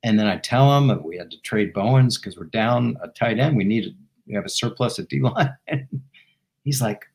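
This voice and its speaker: A man's voice: lowish voice, normal speed, vocal fry. A middle-aged man, a former football team executive, telling a story as a guest and acting out the dialogue. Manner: animated anecdote teller who acts out the dialogue. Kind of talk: storytelling in a talk show interview.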